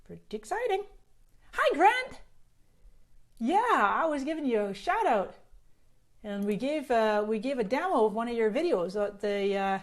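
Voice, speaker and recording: A woman's voice: fairly high pitch, lively intonation, moderate pace. Bubbly Scottish-Canadian woman live-streaming. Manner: bubbly, chatty, answers viewer comments. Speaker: social media marketing host. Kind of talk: casual live stream chat. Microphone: phone on a selfie stick.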